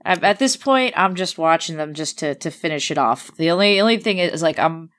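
Laid-back wry woman, lively pitch. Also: a little fast. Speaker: podcast co-host. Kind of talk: casual chat.

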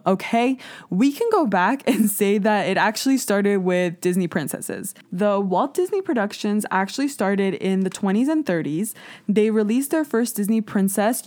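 A woman's voice: mid-range voice, animated, normal speed, darkish tone. Chatty, candid young woman podcaster. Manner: chatty and candid, with frequent "like" fillers and swearing; self-mocking, laughs at herself. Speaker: podcast host. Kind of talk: casual solo podcast monologue.

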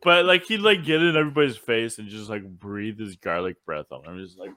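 Male podcast host, relaxed, conversational, moves the talk along. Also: lowish voice, brisk, no room sound, clean studio sound. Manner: laid-back, prompts others. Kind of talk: casual chat.

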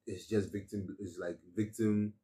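A man's voice: lowish voice, fairly even intonation, mellow, far from the mic. A man, chatting casually as a podcast co-host and restarting his sentences often. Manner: talks fast with many restarts and fillers. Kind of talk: casual chat.

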